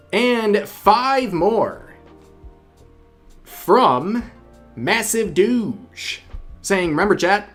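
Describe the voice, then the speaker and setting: A man hosting a stream, mocking a clip in casual reaction commentary and reading donations aloud. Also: a little high. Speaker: streamer host.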